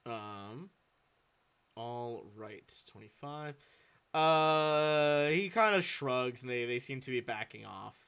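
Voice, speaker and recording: A man's voice: mid-range voice, expressive, slow, a bit bright, smooth. A man running a tabletop game as game master, narrating loosely with a lot of swearing. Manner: loose, swears, lots of fillers.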